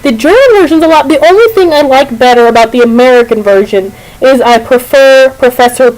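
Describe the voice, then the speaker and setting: Young woman rambling on and on at her webcam, giggly, slightly high voice. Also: brisk, a little mellow, low-quality recording. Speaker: vlogger. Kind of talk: casual rambling chat to camera. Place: at home. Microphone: camera on a computer.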